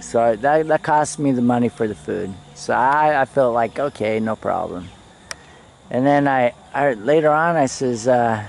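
A man casually telling a rambling travel story, acting out the people he met and swearing often. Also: medium pitch. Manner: rambling, animated, swearing, acts out others' lines.

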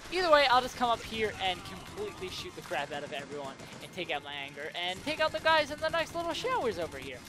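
A man giving casual gameplay commentary who is irritated, grumbles, and keeps talking himself into calming down. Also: high-pitched, poor audio. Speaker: video game let's player.

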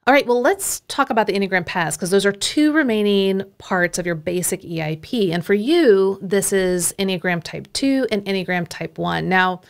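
A woman podcast host and coach, explaining ideas in a clear, teacherly way and listing traits one by one. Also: mid-range voice, moderate pace, hardly any pauses.

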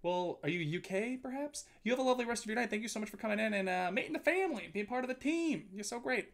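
A man's voice: sits high, rapid-fire. A man streaming, chatting casually with his viewers and reading chat aloud. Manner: chatty, reads chat aloud, animated swings.

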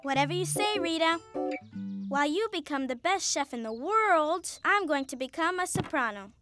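A woman's voice: very high-pitched, expressive, moderate pace. A woman voicing a vain, cheerful female cow in a dubbed cartoon, proud of her off-key singing. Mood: smug. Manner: proud, self-assured, breaks into loud opera singing. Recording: children's music under the voice. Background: children's music.

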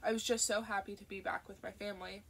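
An earnest young father, emotional and close to tears, as a woman reads him. The voice is gravelly and unhurried, close to a plain reading voice. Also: mid-range voice, flat delivery, a little hiss or hum, natural voice.

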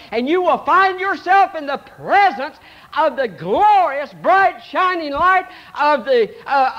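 Man, preacher, very high voice, lively, folksy, dramatic sermon. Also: dull audio. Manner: dramatic, swings between loud and hushed; folksy, plain-spoken.

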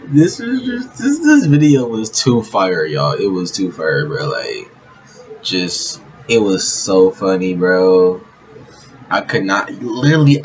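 A man's voice: fairly low pitch, slight background noise, poor audio. A man hosting a reaction channel, chatting casually with frequent "bro" and laughter. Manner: laid-back, says "bro" constantly, laughing asides.

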